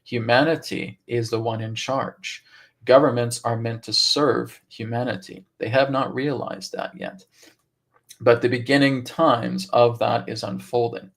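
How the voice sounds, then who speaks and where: A man's voice: mid-range voice, vocal fry. Man channeling a stern ancient woman. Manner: emphatic short commands, repeated. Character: ancient inner-earth woman, stern, emphatic advisor. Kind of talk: channeled speech in a live stream.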